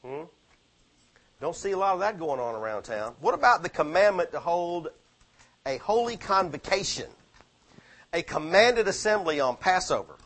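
High-voiced fervent preacher man. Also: sing-song, moderate pace, pauses often. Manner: rising to fervent shouted exhortation, rhetorical questions. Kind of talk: sermon.

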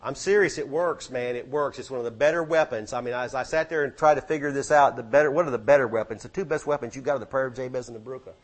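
A man preaching a sermon, exhorting the congregation and rising to loud peaks. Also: medium pitch, fast, hardly any pauses. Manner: exhorting, swings to shouting peaks.

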